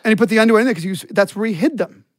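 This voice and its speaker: A man's voice: high voice, very fast, a crowd in the background. A man in casual chat, telling a crude story with lots of swearing and laughter breaking into his lines.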